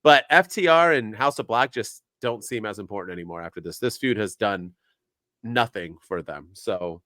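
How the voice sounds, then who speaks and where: A man's voice: on the low side, moderate pace, pushed and bright, no room sound, clean studio sound. A man co-hosting a casual wrestling podcast, ranting with frustrated sarcasm. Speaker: podcast co-host.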